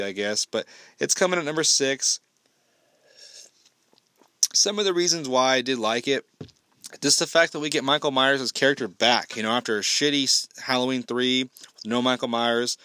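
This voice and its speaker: A man's voice: medium pitch, bright, forceful tone, dry recording. A man giving a casual spoken film review, ranting bluntly and swearing heavily.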